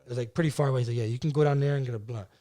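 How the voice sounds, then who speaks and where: A young man from New Jersey with a New Jersey accent, telling his life story as a podcast guest in an animated, slangy way, full of "like" and "you know what I mean". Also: mid-range voice, racing. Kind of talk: casual storytelling.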